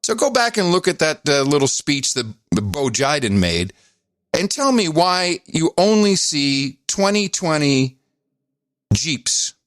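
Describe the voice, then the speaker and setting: A man's voice: a little high, slow pace, no room sound, clean studio sound. A man co-hosting a podcast in casual political chat, teasing and sarcastic as he tells his stories. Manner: teasing, sarcastic, animated storytelling. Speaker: podcast co-host.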